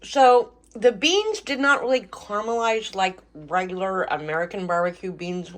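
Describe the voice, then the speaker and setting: A woman's voice: mid-range voice, moderate pace. Middle-aged woman, home cooking vlog host, enthusiastic casual chatter. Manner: chatty, enthusiastic, talks with mouth full. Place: home kitchen.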